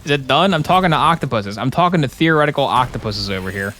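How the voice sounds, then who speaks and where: A man's voice: medium pitch, expressive, fast talker, pushed and bright, slight background noise. A young man joking and rambling through casual commentary while streaming a game. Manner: joking, rambling, playful asides.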